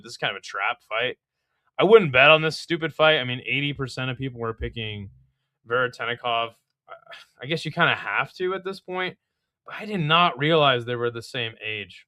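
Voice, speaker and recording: A young man runs through a fight card in casual talk, blunt, mocking and quick to swear. His voice is bright and bouncy, swinging up and down. The sound is close and dry. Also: mid-range voice, dry recording. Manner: blunt, profane, exasperated and mocking. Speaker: MMA fight card previewer.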